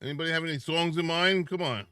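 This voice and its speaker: A man chatting casually with viewers on a live stream, sleepy and yawning, greeting people by name in drawn-out words. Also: on the high side, pushed and bright, no echo, clean studio sound.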